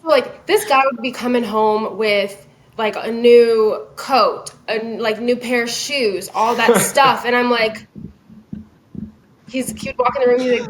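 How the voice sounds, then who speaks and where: A young woman telling a story as a podcast guest, casual and animated, with lots of filler words. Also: fairly high pitch, measured pace, a little hiss or hum.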